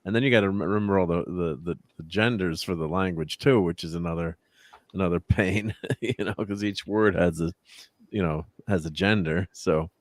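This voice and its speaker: A man with a very deep voice chats casually and chuckles often. He reads viewer comments aloud between stories. The recording is close and completely dry. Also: normal speed, dry recording. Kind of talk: casual chat.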